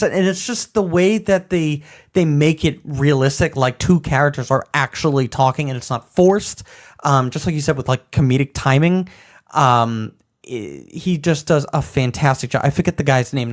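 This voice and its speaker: A man's voice: mid-range voice, normal speed. A man co-hosting a casual video game podcast, animatedly retelling funny game scenes and laughing as he talks. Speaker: podcast co-host. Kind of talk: casual chat about video games.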